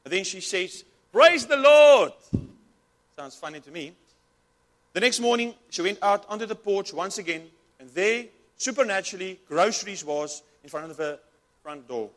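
High-voiced fervent male preacher. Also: animated, normal speed, bright, forceful tone. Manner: fervent, repetitive, many restarts. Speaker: pastor. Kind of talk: sermon.

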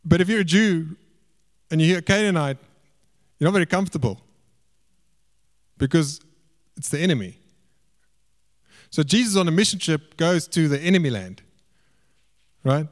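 A man preaching a sermon in a lively, animated way. He lifts his voice high and loud for emphasis, then drops to hushed, low asides. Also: normal speed, pauses often.

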